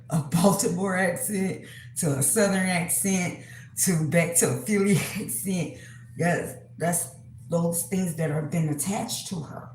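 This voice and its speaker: A woman hosting her own channel, talking casually to viewers in a halting way, with many pauses and fillers and frequent throat-clearing. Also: on the low side, a little mellow, reverberant, a little hiss or hum, low-quality recording. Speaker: spiritual reader, channel host. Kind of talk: casual monologue to camera.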